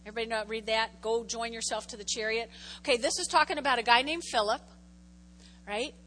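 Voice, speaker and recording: A woman preaching a lively sermon, reading scripture aloud and calling on the congregation to answer. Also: a little high, fairly quick. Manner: animated, calls on the congregation to respond. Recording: long hall reverb.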